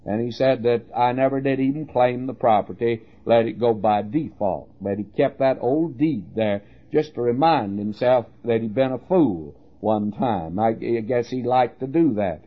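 Older male radio preacher with an average-pitched voice, folksy and halting, on a muffled old broadcast recording. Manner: folksy storytelling with frequent "uh" pauses. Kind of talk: radio sermon.

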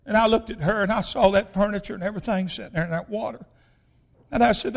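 A male pastor, telling a personal story in a sermon in a folksy, emphatic way that bursts into shouting. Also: high voice, quick pace, creaky.

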